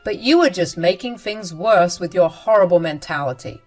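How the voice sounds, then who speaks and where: A woman's voice: on the low side, animated, normal speed, soft background music. A woman voicing an angry, protective husband. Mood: indignant. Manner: firm, indignant.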